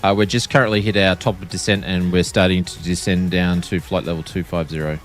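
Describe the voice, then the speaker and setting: A man's voice: deep voice, fairly even intonation, a little fast, faint music behind. An Australian man chatting casually and joking while he streams a flight simulator. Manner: joking, playfully pleading. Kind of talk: casual live-stream chat.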